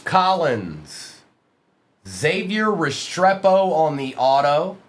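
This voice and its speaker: A man's voice: a little high, very animated, slow, a little hiss or hum. A man hosting a live sports card break, reading out player names from the pulls and chatting casually with viewers in the stream chat.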